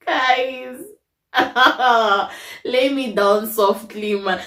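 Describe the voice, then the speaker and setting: A young woman telling a personal story to her viewers in a casual, expressive way, laughing often. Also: sits high, extremely slow, long pauses, far from the mic. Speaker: storytime vlogger. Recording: roomy echo, away from the mic.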